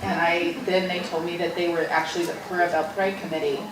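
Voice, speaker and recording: A middle-aged woman author recounts her stories with animated, laughing energy. She sounds distant from the microphone, in a roomy space with a clear hiss underneath. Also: fairly low pitch, fairly quick. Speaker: author guest. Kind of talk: storytelling interview. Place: library event room.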